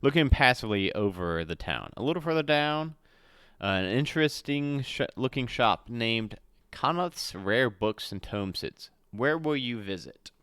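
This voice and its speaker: A man's voice: medium pitch, animated, unhurried, a bit bright, clean tone, no echo, clean studio sound. A man reading a solo adventure aloud as game master. He stumbles and corrects himself often and drops in chatty asides. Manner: reads with slips and self-corrections, chatty asides.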